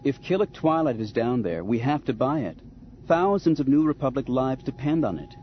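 A man's voice: mid-range voice, lively intonation, moderate pace, natural voice. A man voicing a determined adult princess and leader, urgent and persuasive, in a slightly dull recording with faint hiss.

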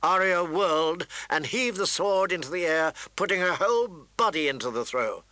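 A man reading a fantasy novel aloud in steady, dramatic storytelling narration. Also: on the high side, normal speed, dry recording. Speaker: audiobook narrator. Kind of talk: scripted narration.

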